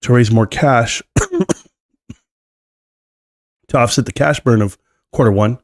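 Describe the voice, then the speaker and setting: A man hosting a casual live stream while sick, rambling between coughs and throat-clearing. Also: medium pitch, normal speed, no echo, studio quality.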